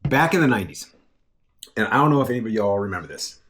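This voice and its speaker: A man's voice: on the low side, very animated, fast talker, fairly bright tone, slight background noise. A middle-aged man casually taste-testing snacks on his vlog, chatty and rambling, often laughing at himself. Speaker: food reviewer. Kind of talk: casual food-tasting vlog.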